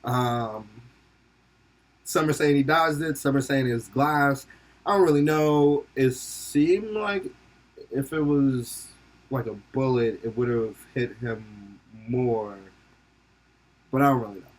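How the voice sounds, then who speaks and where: A man's voice: mid-range voice, slow pace. Young man, podcast host, casual joking commentary, rambling, swears, laughs often. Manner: slips into silly put-on voices for quotes.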